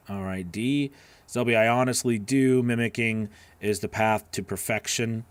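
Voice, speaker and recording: A man's voice: fairly low pitch, fairly even intonation, moderate pace, clear, resonant tone, dry recording. Earnest, encouraging male voice-over coach. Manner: earnest and encouraging, rambling with restarts. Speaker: voice-over coach hosting a live class. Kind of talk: live-stream Q&A, reading and answering chat questions.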